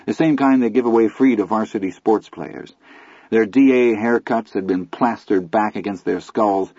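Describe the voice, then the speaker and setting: Husky low-voiced male narrator. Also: darkish tone, dry recording. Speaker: audiobook narrator. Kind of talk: scripted narration. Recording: dull lo-fi audiobook recording.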